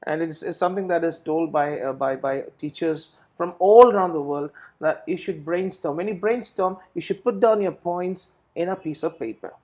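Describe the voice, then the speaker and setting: Taking questions in a recorded session, a middle-aged man who trains students for IELTS walks through answers step by step, frequently restarting phrases and repeating words. He speaks at normal speed with hardly any pauses, in a darkish voice on the high side.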